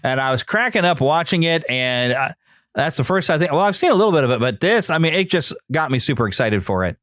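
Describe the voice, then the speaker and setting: A man's voice: on the high side, very animated, fast talker, fairly bright tone, no echo, studio quality. A man hosting a podcast, chatting casually about trailers, rambling with frequent fillers, restarts and hesitations. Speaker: podcast host. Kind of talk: casual solo commentary.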